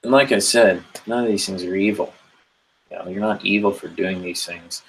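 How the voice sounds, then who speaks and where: A man's voice: deep voice, normal speed, gravelly, a little hiss or hum, rough recording. A man giving a rambling, earnest motivational monologue about inner growth, swearing casually as he talks. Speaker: spiritual self-help speaker.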